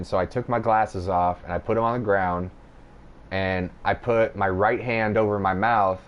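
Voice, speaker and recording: A man's voice: lowish voice, clean tone, lo-fi sound. A young man hosting a podcast, telling a rambling, profane story in casual chat. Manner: profane, rambling, animated retelling. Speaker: podcast host.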